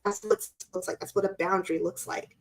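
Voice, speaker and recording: A middle-aged woman co-hosting a casual live-stream chat, telling an animated story and acting out quotes in squeaky voices. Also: fast, creaky. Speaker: co-host.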